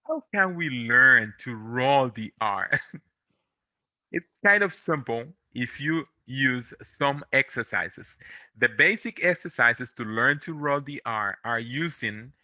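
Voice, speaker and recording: A Spanish teacher, a man from America born to Latin America and speaking Spanish natively, runs an online pronunciation lesson in English. His medium-pitched voice is animated and dryly recorded. Patiently, he repeats syllables slowly, encouraging and gently correcting.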